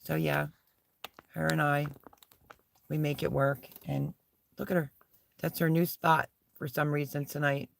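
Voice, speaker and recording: Middle-aged woman, live-stream chat, rough creaky voice, slow drawl, talks to her dog. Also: low voice, flat delivery. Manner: rambling, chats to her dog between thoughts. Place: small camping setup indoors.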